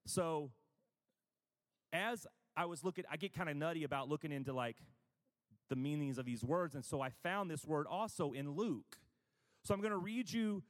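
A man's voice: a little high, long reverb tail. A man preaching a conversational sermon, chatty and self-deprecating, with frequent asides.

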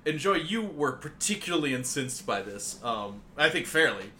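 A man with a bright, forward voice co-hosts a casual game podcast. He speaks in a dry, measured way over a faint hiss in the background. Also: a little high, big pitch swings. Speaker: podcast co-host. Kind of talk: casual game critique chat.

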